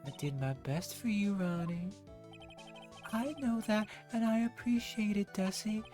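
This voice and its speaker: A man's voice: sits high, measured pace, a little mellow, soft background music, voice pushed up. A man doing a whiny, nervous sad sack. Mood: mopey.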